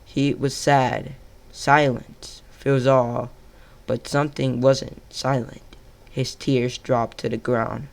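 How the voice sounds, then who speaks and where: Slow, halting male fan-story narrator. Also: mid-range voice, fairly even intonation, vocal fry. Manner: halting, corrects himself mid-story. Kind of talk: improvised fan-fiction storytelling.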